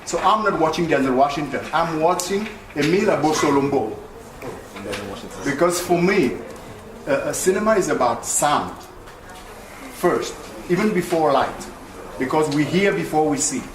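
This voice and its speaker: A man's voice: a little high, expressive, normal speed. A man, an actor speaking on a panel at a film event, passionate and searching for his words. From France. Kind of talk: panel discussion remarks. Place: large hall at a film event. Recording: echoey hall from far off with noise.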